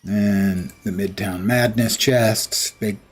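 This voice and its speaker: A man's voice: fairly low pitch, fairly even intonation, slow pace. A man giving casual, sarcastic commentary while livestreaming a game. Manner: sarcastic, wry asides to chat. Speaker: livestream gamer.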